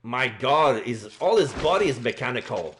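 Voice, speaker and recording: Male streamer, rambling gameplay commentary, animated pitch, casual delivery. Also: moderate pace, slight background noise. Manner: casual, lots of fillers and restarts.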